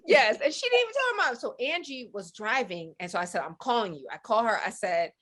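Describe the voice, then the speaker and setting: A woman on a book panel telling an animated story, acting out the voices of her friends and laughing often. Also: mid-range voice, fast talker. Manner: lively, acts out quoted voices, laughs often. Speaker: panelist author.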